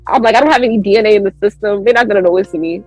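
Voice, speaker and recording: A woman guest on a podcast telling a story in an animated way. She acts out her own lines with big jumps in pitch and laughs often. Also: rapid-fire, no room sound, soft background music, rough recording.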